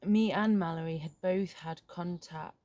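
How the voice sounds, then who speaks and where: A middle-aged woman talking frankly in a reflective vlog, halting and swearing casually, recorded outdoors in a garden. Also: on the low side, mellow, no room sound. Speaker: vlogger.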